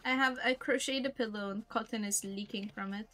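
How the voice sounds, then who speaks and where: Playful high-voiced woman streamer. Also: brisk, a bit bright, soft background music. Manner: joking, blunt, playful trash talk. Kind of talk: casual gaming chat.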